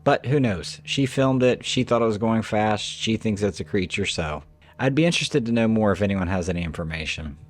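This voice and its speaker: Man narrating eerie clips, lively pitch. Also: brisk, soft background music. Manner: casual, musing delivery with lively pitch swings. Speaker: channel host and narrator. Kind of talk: reaction commentary and spooky narration.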